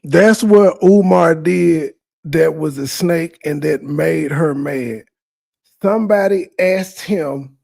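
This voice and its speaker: A man delivers reaction commentary in a blunt, mocking, insulting manner. His voice sits high and carries a gravelly fry. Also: takes it slowly, mellow. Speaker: commentary host.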